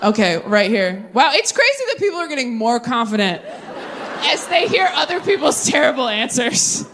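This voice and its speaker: A young woman doing stand-up comedy on stage, chatting with the crowd and veering into quick asides. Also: fairly high pitch, a little hiss or hum. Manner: animated, tangent-prone, quick asides to the crowd.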